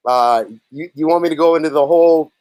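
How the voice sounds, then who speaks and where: A man's voice: fairly high pitch, fairly quick, dry recording. A man telling stories in a casual interview as a band's lead singer, acting out the lines of the people in his tale. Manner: animated storyteller, acts out others' lines. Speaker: lead singer and songwriter, guest.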